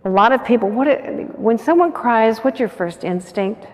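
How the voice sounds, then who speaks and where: This conference keynote comes from a woman with an expressive, somewhat high and slightly mellow voice at a normal pace. She encourages her audience earnestly and keeps asking them questions, her words echoing around a large hall.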